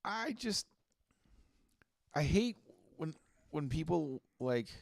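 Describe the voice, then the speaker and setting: Chill podcast guy, gravelly voice, kinda hesitant, dry close sound. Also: fairly high pitch, big pitch swings, takes it slowly, no room sound. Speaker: podcast co-host. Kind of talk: casual podcast chat.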